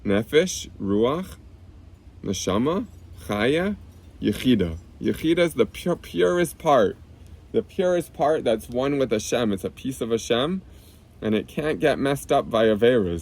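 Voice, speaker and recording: A man reading a children's book aloud outdoors on a clip-on mic, gently explaining each term simply for kids. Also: medium pitch. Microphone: clip-on lapel mic.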